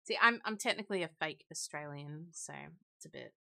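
A woman's voice: low voice, expressive, a little fast, vocal fry, sharp tone. A young woman co-hosting a live stream in casual chat, giggly and teasing. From Great Britain. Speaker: stream co-host.

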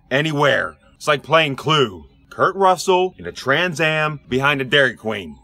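Gruff, bright-voiced Pittsburgh dad. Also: male voice, on the high side, no room sound. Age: middle-aged. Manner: rambling, gruff, yells across to neighbors. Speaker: comedic sitcom dad character. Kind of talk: comic monologue to an unseen neighbor.

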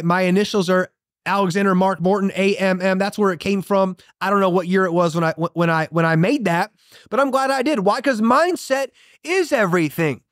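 Emphatic high-voiced male motivational host. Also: no echo, clean studio sound. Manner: emphatic, punchy preaching with repeated catchphrases. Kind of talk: motivational monologue.

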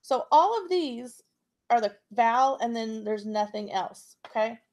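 A woman's voice: fairly high pitch, animated, a little mellow. A woman teaching a phonics and spelling lesson to young students, patient and checking in often. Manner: slow, patient, checks in with frequent "okay?".

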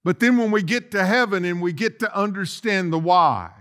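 A man preaching a sermon as lead pastor in a church, swinging from loud declarations to soft asides. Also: high-pitched, moderate pace. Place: church sanctuary.

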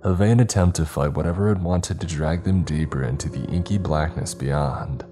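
A man reading a scripted horror story aloud in a measured, somber way. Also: extremely low pitch, music in the background.

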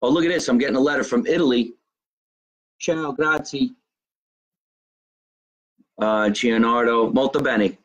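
A middle-aged comedian from Jersey City talks in a thick New Jersey accent, loose and profane as he riffs on fan messages during a live stream. His voice is a little husky and sits at an ordinary pitch. He slows right down whenever he spells out contact details. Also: fairly bright tone. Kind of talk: casual live-stream chat reading fan comments.

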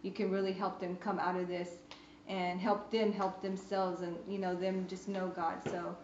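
A woman's voice: lowish voice, level tone, moderate pace, a little mellow. A woman sharing a testimony in a casual group discussion, telling a chatty story and acting out both sides of the conversations. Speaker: beauty business owner sharing a testimony. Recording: roomy, dull recording with faint background noise.

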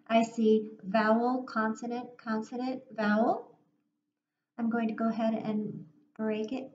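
Woman teaching phonics to young children. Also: a little high. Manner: slow, clear, encouraging classroom delivery. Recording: roomy, dull lo-fi classroom recording with faint noise.

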